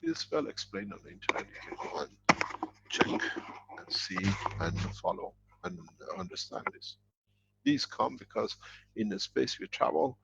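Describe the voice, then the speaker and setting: A man's voice: lowish voice, creaky, a bit bright, highs cut off, a little hiss or hum. A man answering questions in a live online teaching session, explaining at length with emphatic, rambling sentences.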